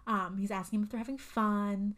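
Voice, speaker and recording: A woman co-hosting a podcast in a relaxed recap of a film. Her voice sits at a middle pitch, and she rambles along with plenty of "um"s and "like"s. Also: fairly quick. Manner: rambling, full of "um" and "like". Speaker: podcast co-host. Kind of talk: casual chat, recapping a film.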